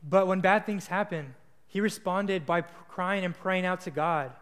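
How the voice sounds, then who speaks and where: A man's voice: high-pitched, normal speed, fairly bright tone, in a large hall. A young man preaching a sermon, telling stories in a casual, earnest way with small restarts. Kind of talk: sermon with storytelling.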